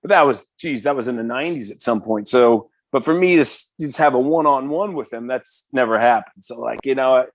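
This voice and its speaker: A man in his fifties from the Bay Area, a metal singer telling a story as a podcast guest, excitable, swearing freely and full of "you know". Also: mid-range voice, a little fast, hardly any pauses, dry recording, clean studio sound. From San Francisco Bay Area. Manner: animated, excitable, swears freely, heavy filler words. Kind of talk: casual storytelling in conversation.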